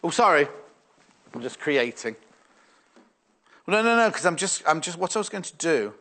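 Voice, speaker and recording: Lively-voiced man selling fabric. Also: fairly high pitch, normal speed. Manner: chatty, musing aloud, reading viewer messages. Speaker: shopping channel presenter. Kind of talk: live sales demonstration.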